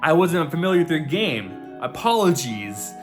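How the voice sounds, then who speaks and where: A man voicing a brash, breezy elf woman with powerful magic while recapping a cartoon; she brushes people off lightly. His own voice sits a little high, with faint music behind. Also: big pitch swings, moderate pace. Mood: airy, dismissive.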